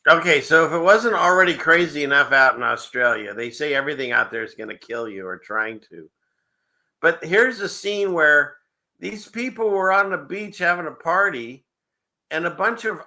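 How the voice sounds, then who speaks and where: A man's voice: fairly high pitch, lively intonation, normal speed, sharp tone. A man hosting a casual livestream show, rambling and chuckling often between loose asides. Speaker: show host.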